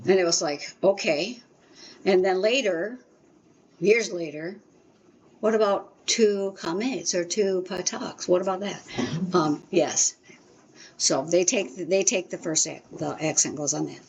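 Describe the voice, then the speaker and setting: A woman's voice: fairly low pitch, unhurried, a little mellow, highs cut off. A woman teaching an informal beginners' language class, explaining in a chatty way with many ums and restarts. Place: small meeting room in a congregation.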